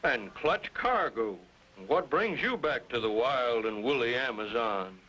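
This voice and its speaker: A man's voice: mid-range voice, lively intonation, measured pace, pushed and bright. An actor playing a worried middle-aged male rancher and father in a 1950s cartoon. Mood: jovial. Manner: anxious, pleading. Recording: dull lo-fi old cartoon soundtrack.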